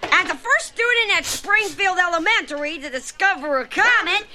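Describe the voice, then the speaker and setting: A prim, nerdy cartoon schoolboy, voiced by a woman, with a very high, piping voice. He speaks in formal, ceremonious tones. The clip plays with a faint hiss behind it. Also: lively intonation, normal speed, bright, forceful tone, heavily acted. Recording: noisy clip from a TV show.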